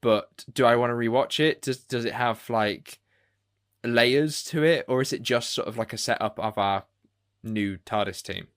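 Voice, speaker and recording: A man's voice: medium pitch, normal speed, a bit bright. A man hosting a casual podcast, chatty and rambling, laughing easily. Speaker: podcast host. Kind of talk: casual chat.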